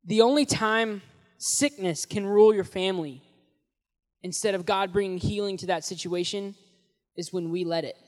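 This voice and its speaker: A young man preaching as a youth pastor, telling the story in an animated, casual way with slang, swinging between loud and hushed, in a large hall. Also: high voice, moderate pace. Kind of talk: sermon. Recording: long echoey hall reverb.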